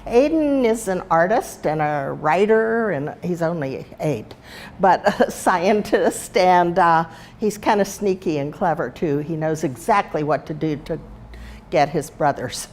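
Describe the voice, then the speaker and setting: A woman's voice: lowish voice, lively intonation, measured pace, a little hiss or hum. An older woman giving a casual teaching talk, chatting her way through family anecdotes and a children's story. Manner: chatty, anecdotal, warm storyteller with small laughs. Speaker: speaker and teacher.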